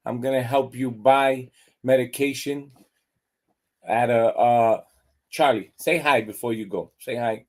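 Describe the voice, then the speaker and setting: A man's voice: mid-range voice, slow pace, pauses often, a little mellow. A man hosting a pet show in a casual, rambling way with many fillers, talking to camera at home. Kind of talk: casual vlog chat and joke telling. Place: at home with his dog.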